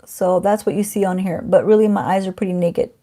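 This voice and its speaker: The voice is mid-range, steady and brisk with a dark tone, belonging to a middle-aged beauty vlogger. At home for a casual unboxing, she jokes at her own expense and chats with the camera and an off-camera companion.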